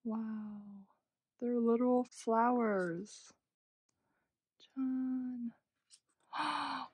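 A young woman gushes her way through an unboxing, gasping and dropping into half-whispers. Her voice is slow, with a gravelly, husky edge, and it sounds close and dry. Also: medium pitch, expressive, no echo. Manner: gushing, frequent gasps and soft half-whispers. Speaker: unboxing vlogger. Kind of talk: casual unboxing commentary.

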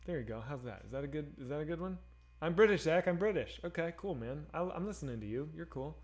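A man's voice: a little high, animated, fast talker, a little mellow. A man streaming a game and chatting casually with his viewers, talking in a profane, rambling and candid way. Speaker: streamer reading chat. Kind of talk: casual live-stream chat while gaming.

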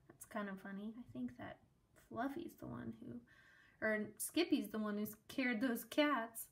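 A woman reads a children's book aloud, slowly and gently, with small asides of her own. Her voice sits a little high and every line is expressive. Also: creaky. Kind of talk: storybook read-aloud with asides.

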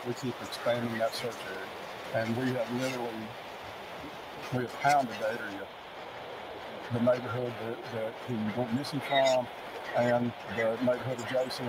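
A man, an emergency management director, giving a steady press briefing outdoors, listing resources with frequent restarts. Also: medium pitch, normal speed. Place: outdoors at a search site. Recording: outdoor briefing with loud background noise.

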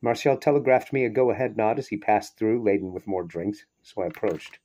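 A man reading a short story aloud in a steady, measured way, now and then breaking off for a brief aside. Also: lowish voice. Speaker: reader. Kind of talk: audiobook narration of a short story.

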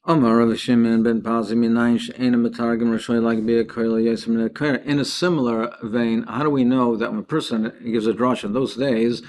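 Rabbi reading and explaining Talmud. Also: male voice, mid-range voice, little pitch movement, a little fast, few pauses, a little mellow. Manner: reads each phrase of text, then explains it in plain words. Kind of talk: daily Talmud lesson.

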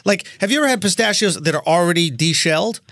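A man hosting a comedy podcast, ranting in an animated, profane way. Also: sits high, quick pace, no room sound, clean studio sound. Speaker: podcast host.

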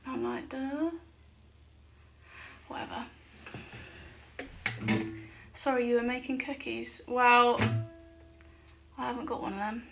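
A woman's voice: fairly high pitch, level tone, a little slow, creaky, pauses often, music in the background. A woman singer-songwriter, chatting casually between songs from her living room, jokey and self-mocking. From England. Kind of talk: casual chat between songs at a home livestream gig.

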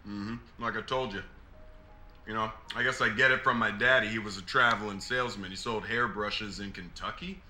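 A man's voice: fairly low pitch, fairly even intonation, moderate pace, bright, forceful tone, roomy sound, soft background music, pitched below the performer's own voice. A man putting on a folksy Southern attendant. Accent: put-on Southern US. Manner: folksy drawl, rambling. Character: chatty Southern gas station attendant, good old boy.

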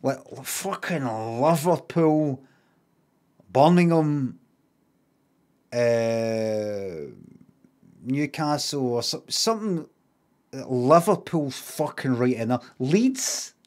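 A middle-aged Glaswegian man in casual live-stream chat, talking at an unhurried pace in a mid-range voice. He gets animated and emphatic, swearing freely as he repeats words to make a point. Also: medium pitch.

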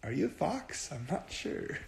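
A man's voice: on the high side, very animated, takes it slowly, creaky, roomy sound, a little hiss or hum. A man chatting casually on a phone livestream, earnest and rambling, often repeating himself. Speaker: band frontman on a livestream.

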